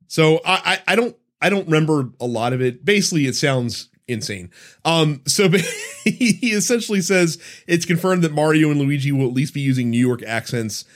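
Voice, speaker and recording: Animated man co-hosting a podcast. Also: fairly high pitch, normal speed. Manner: animated, swears casually, laughs often. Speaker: podcast co-host reading listener questions. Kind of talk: casual chat.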